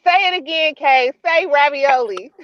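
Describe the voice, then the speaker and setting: A woman's voice: high-pitched, measured pace, no room sound, dull audio. A woman in casual chat, arguing her point insistently. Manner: insistent, argumentative.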